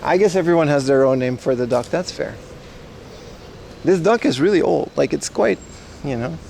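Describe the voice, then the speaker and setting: A man's voice: fairly high pitch, animated, moderate pace, vocal fry, darkish tone, a little hiss or hum. Chatty man streaming from his bike. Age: 30s. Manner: chatty, rambling, answers chat. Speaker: livestream host. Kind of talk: casual livestream chat. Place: outdoors on city streets, riding a bike.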